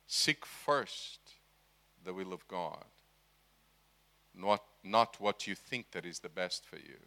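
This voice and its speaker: Man, middle-aged, preacher, slow, forceful bright voice, questions the audience. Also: low-pitched, expressive. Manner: asks the audience questions, emphatic. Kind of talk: sermon.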